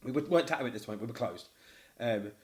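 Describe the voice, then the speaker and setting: Man, Mancunian accent, tattoo shop owner, casual podcast chat, quick talker, blunt, animated, swears freely. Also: mid-range voice. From Manchester, England.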